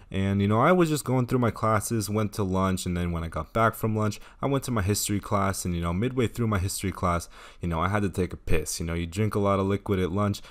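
A young man casually telling a storytime vlog over gameplay, laid-back, swearing and laughing as he goes. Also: on the low side. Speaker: storytime vlogger.

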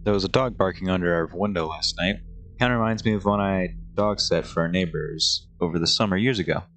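A man voicing a protective older sibling in a game, speaking gently and reassuringly. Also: sits low, fairly quick, slight background noise.

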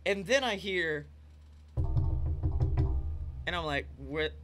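A man co-hosting a podcast, chatting casually and telling animated stories from home. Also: high voice, moderate pace, music in the background. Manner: animated storyteller, acts out characters, laughs a lot. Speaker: podcast co-host. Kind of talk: casual comedic chat.

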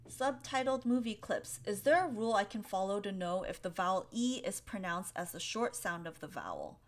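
A woman's voice: mid-range voice, big pitch swings, moderate pace. A young woman hosting a live English Q&A, answering chat questions patiently with frequent ums.

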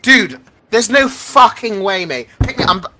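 A man streaming games, brash, excitable and swearing a lot. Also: high-pitched, measured pace, noisy background. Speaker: game streamer. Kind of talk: casual livestream chat.

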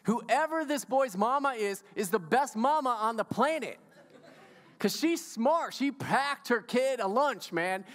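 Preaching in a church sanctuary, a man with a very high, somewhat bright voice stays animated yet keeps a measured pace. He's playful and enthusiastic, interacting with his congregation, and the recording has the long reverb of a church hall.

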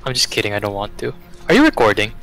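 Dude gaming w friends, bright voice, quick teasing jokes, faint game music. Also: male voice, lowish voice, wildly swooping pitch. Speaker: let's play gamer. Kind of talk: casual gaming banter.

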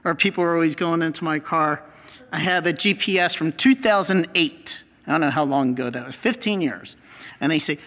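A man's voice: a little high, a little fast, a bit bright. An American man, a priest, giving an earnest teaching talk with slides and repeating key phrases for emphasis. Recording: long hall reverb.

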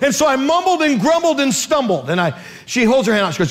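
A middle-aged male pastor preaching a lively sermon with comic stories, acting out voices and shouting in bursts. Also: extremely high pitch, fast talker.

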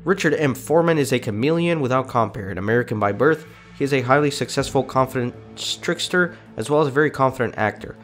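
A man's voice: mid-range voice, fast talker, hardly any pauses, faint music behind. A congested man with a cold, hosting a gaming video and chatting casually while reading game text aloud. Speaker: gaming channel host.

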